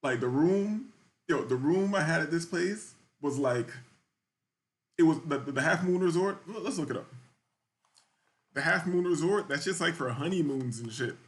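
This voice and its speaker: A man's voice: a little high, animated, moderate pace, pauses often. A young man telling a loose, slangy story in casual podcast chat, often checking in with the listener. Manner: loose and slangy, keeps asking "you feel me". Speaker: podcast host.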